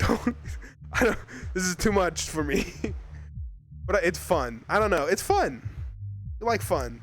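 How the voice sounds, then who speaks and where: A man's voice: fairly high pitch, lively intonation, moderate pace, fairly bright tone, soft background music. A young man from Arizona chatting casually with his live chat as a streamer, rambling and laughing often.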